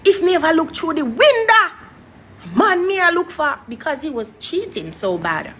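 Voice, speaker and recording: A young woman, a guest telling her story in an interview in an animated, dramatic way. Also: very high-pitched, normal speed. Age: young adult.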